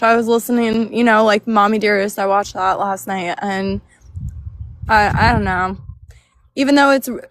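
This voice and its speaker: A chatty, giggly woman in a casual group chat. Her voice is slightly high. It is recorded dry and close. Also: no room sound.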